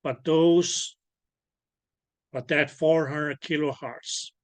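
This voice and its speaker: A man's voice: fairly high pitch, steady tone, drawn-out words, no echo. Man teaching a class, dry recording. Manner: patient, checks understanding, frequent self-corrections. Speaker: lecturer. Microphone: video call.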